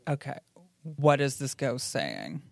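A woman hosting a podcast in casual chat, animated and playful, acting out quotes in funny voices. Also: rumbling low, slow, gravelly, no echo.

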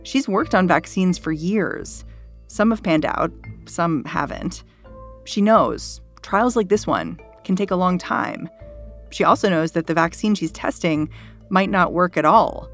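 A woman hosting a news podcast, narrating in a measured, conversational way and asking interview questions. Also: on the low side, soft background music. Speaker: podcast host.

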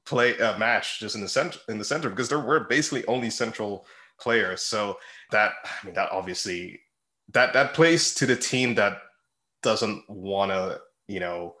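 Bright-toned man chatting about football. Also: lowish voice, moderate pace. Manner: rambling, laughs often, many fillers. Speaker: podcast co-host. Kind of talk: casual chat about football.

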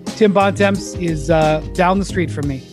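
A middle-aged man hosting a casual sports podcast, relaxed and hesitant with plenty of fillers. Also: high voice, moderate pace, music in the background. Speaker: podcast host.

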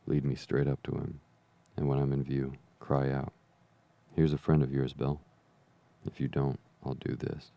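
A man voicing a cruel blind old beggar who talks in a slow sing-song whine and turns cold and sneering. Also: a bass voice, monotone, creaky, warm tone, dry recording, exaggerated voice. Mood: menacing. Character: cruel blind old male beggar, wheedling then menacing.

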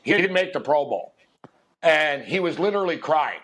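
A man's voice: fairly high pitch, animated, normal speed, a bit bright. A man hosting a sports betting podcast, talking loosely with lots of fillers and restarts. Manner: loose rambling, filler-heavy. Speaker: podcast host. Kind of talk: casual sports betting chat.

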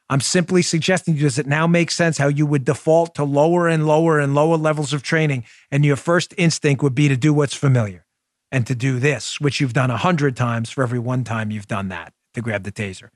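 A man in his forties with a Queens, New York accent, hosting a political commentary podcast in an emphatic, loud manner full of rhetorical questions. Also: fairly high pitch, dry recording, clean studio sound. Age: 40s. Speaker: podcast host. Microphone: studio microphone.

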